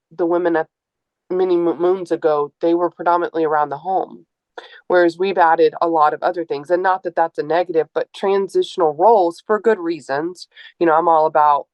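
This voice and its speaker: A woman in her forties, an author and educator, talking candidly and earnestly to a live audience, often pausing on um and uh. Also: low-pitched, no echo. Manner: earnest, open, with frequent um and uh. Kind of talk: candid personal talk at a book event.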